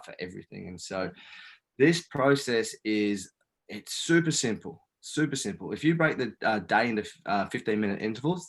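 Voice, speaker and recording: A man's voice: fairly low pitch, husky, poor audio. A man guest speaking in an interview, an earnest coach who swears casually as he guides and explains. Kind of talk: guiding a breathing exercise and talking in an interview.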